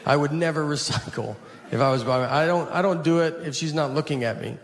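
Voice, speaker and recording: A man in his forties works a live stand-up set in an unhurried, deadpan drawl, his voice sitting a little high for a man. He slips in and out of the people in his stories without raising the stakes. Audience noise carries clearly under the recording. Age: 40s. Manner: deadpan storytelling, quoting people in flat asides. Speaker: stand-up comedian. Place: stage before a live audience.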